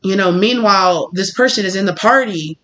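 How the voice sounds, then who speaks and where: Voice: medium pitch, fairly quick, a bit bright. A tarot reader giving a casual spoken reading, rambling and chatty and acting out little scenes along the way. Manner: swears freely.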